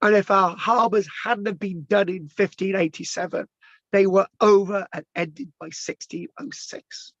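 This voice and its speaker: A man's voice: high-pitched, steady tone, a little slow, a bit bright, no echo, muffled recording. A man with a strained, tired voice, giving a rambling informal history talk and stumbling over place names. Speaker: local history presenter.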